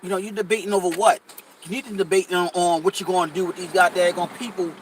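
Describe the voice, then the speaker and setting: A man with a high, light voice holding forth in casual podcast talk. He is emphatic and repetitive, stacking restarts and stutters as he tells a story and heats up. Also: steady tone, quick pace, a little hiss or hum, poor audio. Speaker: podcast co-host. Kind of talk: casual conversational commentary.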